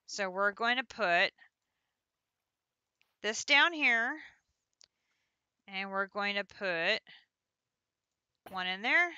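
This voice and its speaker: A woman's voice: mid-range voice, lively intonation, extremely slow, pauses often, bright, forceful tone, clean tone, dry recording, dull audio. A woman streaming a game live, chatting to herself as she counts out and places items. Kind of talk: live gameplay commentary.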